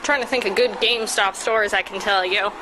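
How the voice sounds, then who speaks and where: A woman's voice: mid-range voice, steady tone, a little fast, background noise. A young woman vlogger telling rambling childhood stories outdoors while walking, swearing freely and mocking herself. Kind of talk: rambling casual storytelling.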